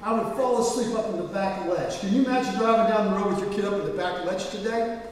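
A man preaching a sermon as pastor, moving between quiet asides and emphatic quoted lines. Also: sits high, fast. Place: church sanctuary. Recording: echoey hall, voice from far off.

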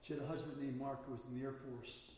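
A man preaching a sermon, stressing key words and drawing them out slowly. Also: mid-range voice, level tone, a little mellow, a little hiss or hum. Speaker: pastor. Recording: echoey hall, mic at a distance.

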